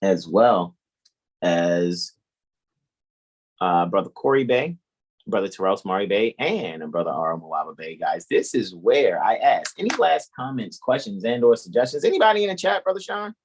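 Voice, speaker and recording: A man hosting a casual livestream chat, preachy and animated as he greets viewers in the chat. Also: low voice, measured pace, breathy edge. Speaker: livestream host.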